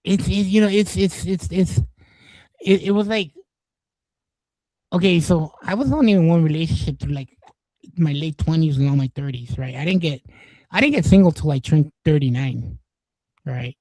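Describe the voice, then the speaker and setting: A man's voice: on the high side, normal speed, long pauses, mellow, no room sound, rough recording. Rambling foul-mouthed man, dry close voice. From East Los Angeles. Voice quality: profane, rambling, many restarts. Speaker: streamer. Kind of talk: casual storytelling chat.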